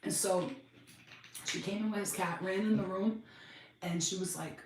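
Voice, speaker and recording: A woman's voice: medium pitch, moderate pace, long pauses, far from the mic, a little hiss or hum. Blunt, swearing woman in an echoey room. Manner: blunt, animated, swears freely, acts out voices. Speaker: podcast host. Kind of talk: casual storytelling monologue.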